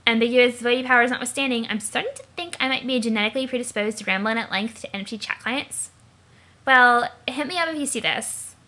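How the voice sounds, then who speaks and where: Casting: a woman doing a tipsy chatterbox teen girl, loud, slangy, swearing, bright voice. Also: on the high side, fairly quick. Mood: chatty.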